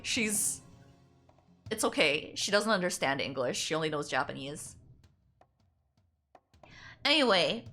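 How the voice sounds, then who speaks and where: A woman's voice: on the low side, pushed and bright. A young woman streamer telling a long story in casual chat, rambling with many fillers and frequent laughs. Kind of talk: casual storytelling while drawing.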